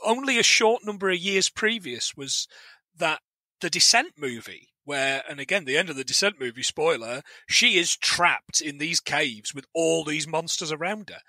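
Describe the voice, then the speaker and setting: A man's voice: a little high, pushed and bright, dry recording. A man, a guest on a podcast, rambling through his opinions with many restarts and repeated words. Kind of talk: casual film review chat.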